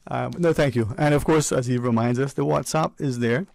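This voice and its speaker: A man's voice: medium pitch, fairly quick, vocal fry, a little mellow, no room sound. A man hosting a call-in radio show in an easygoing, chatty way, often restarting his sentences, recorded on a close studio mic. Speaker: radio talk show host. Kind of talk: casual call-in radio chat.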